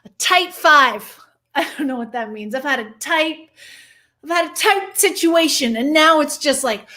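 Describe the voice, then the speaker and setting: A woman's voice: high-pitched, animated, measured pace, pushed and bright. A woman in her thirties hosting a live stream, exuberant and self-mocking, a little out of breath. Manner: exuberant, greets viewers by name, self-mocking jokes. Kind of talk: bubbly live-stream chat.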